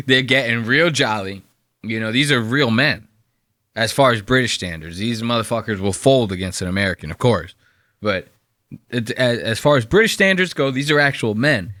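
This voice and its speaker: Bright, crude-mouthed man riffing on clips. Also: medium pitch, lively intonation, moderate pace, dry recording, clean studio sound. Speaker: podcast host reacting to clips. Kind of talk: profane comedic commentary.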